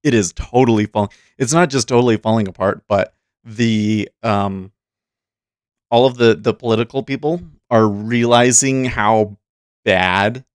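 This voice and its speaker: A man's voice: on the low side, unhurried, clean tone, no room sound. A man hosting a casual livestream, talking in a rambling, chatty way with frequent restarts, into a close desk mic. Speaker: host.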